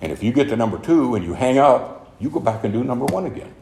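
A man quoting his quiet, gentle older woman sponsor in a soft, calm voice. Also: mid-range voice, fast talker, creaky. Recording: echoey room, faint noise.

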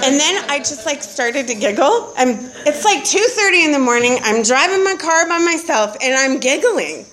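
A middle-aged woman speaking at a recovery meeting, telling her story candidly and profanely, with animated retellings and bursts of laughter. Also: high-pitched, normal speed.

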